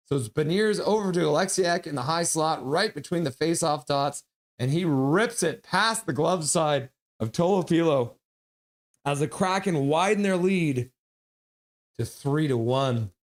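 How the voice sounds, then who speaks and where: A stream host calling hockey play-by-play live in an excitable manner, reading chat between quick calls. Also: mid-range voice.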